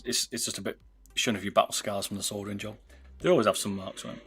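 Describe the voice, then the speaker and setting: A man's voice: lowish voice, fairly even intonation, fast talker, a bit bright, breathy edge. A British man chatting casually with viewers on a livestream while soldering, calling people "mate". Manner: chatty, talks to viewers, says "mate" a lot. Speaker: livestreamer modding gaming mice.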